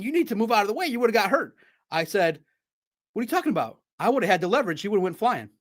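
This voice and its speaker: Animated sports podcast host, a man. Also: high-pitched. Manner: animated, chatty storytelling with laughs. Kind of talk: casual sports recap.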